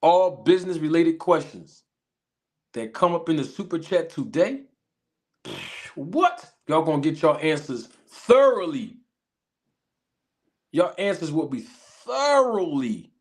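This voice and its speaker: A man from Philadelphia with a Philly accent hosting a casual livestream, greeting viewers with drawn-out shout-outs and catchphrases while a little sick. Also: a little high. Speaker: livestream host.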